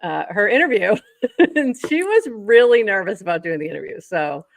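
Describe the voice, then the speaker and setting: A woman co-hosting a casual livestream, upbeat and quick to laugh as she runs through the news. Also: medium pitch, sing-song, creaky, no room sound. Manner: upbeat, laughs often, reads news items. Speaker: co-host.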